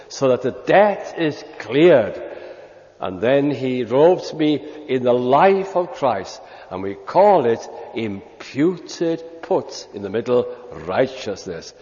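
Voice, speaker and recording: An older British man preaching a sermon, slow and emphatic, with long pauses and hymn lines worked into his speech. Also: mid-range voice, a little mellow. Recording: lo-fi hall recording with long reverb.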